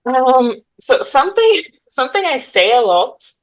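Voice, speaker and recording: A woman's voice: high voice, big pitch swings, unhurried, rough recording. A woman from Bulgaria, a guest in a casual interview, talking animatedly with many fillers and frequent laughs.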